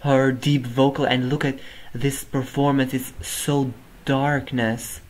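A man's voice: medium pitch, level tone, slow pace, low-quality recording. A man hosting a music reaction video, gushing over the performance and exclaiming over and over in amazement. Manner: effusive, keeps exclaiming "oh my god". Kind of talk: reaction commentary.

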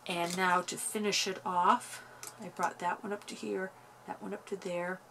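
A woman in her thirties, chatty and gentle, talking through a craft tutorial at home. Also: fairly low pitch, level tone, moderate pace, gravelly, slight background noise. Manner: soft-spoken, chatty, gentle step-by-step guidance.

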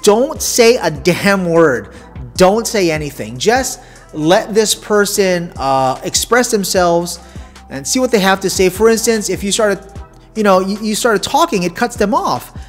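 A man's voice: high-pitched, lively intonation, unhurried, soft background music. A man hosting a video podcast, talking straight to the viewer in a casual, wry way with emphatic asides and rhetorical questions. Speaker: podcast host. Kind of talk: casual explainer monologue. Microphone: desk condenser mic.

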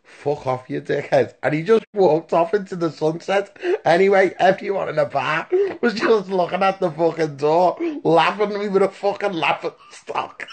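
A man's voice: sits high, moderate pace. Swearing man telling a yarn. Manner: rambling, profane, keeps checking in with "right?". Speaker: storyteller. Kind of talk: casual voice-note anecdote. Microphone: phone voice message.

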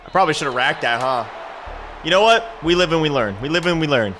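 Excitable man yelling over gameplay. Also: a little high, racing, faint music behind. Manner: excitable, trash-talking, yells at players. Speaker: gaming YouTuber. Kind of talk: live gameplay commentary.

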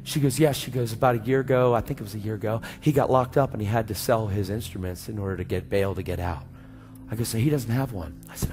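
A man preaching a sermon, telling a story in a slangy, animated way and acting out both sides of the conversation. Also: on the low side, quick pace. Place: church sanctuary. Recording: church hall reverb with faint music.

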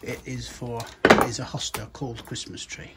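A man's voice: mid-range voice, flat delivery, moderate pace. Blunt man with a noisy outdoor sound. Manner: blunt, swears freely. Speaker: nursery owner. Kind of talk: casual chat. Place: outdoors at a hillside nursery.

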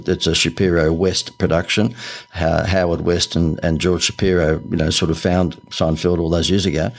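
A man's voice: deep voice, creaky. A middle-aged Australian man telling stories as a podcast guest, chatty and laughing often with many fillers. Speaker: guest, ad agency founder. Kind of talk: podcast interview storytelling.

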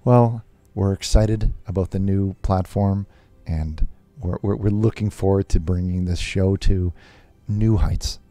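A man playing a nervous televangelist host on a call-in show, talking haltingly with many fillers and restarts. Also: low voice, steady tone, mellow, no echo, soft background music. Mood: flustered.

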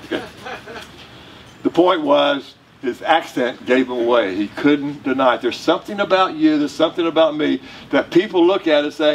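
A man's voice: medium pitch, a little fast, slightly rough. Southern preacher man, mic at a distance. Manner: conversational, joking with the congregation. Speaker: pastor. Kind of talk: sermon. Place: church sanctuary. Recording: distant mic with faint room noise.

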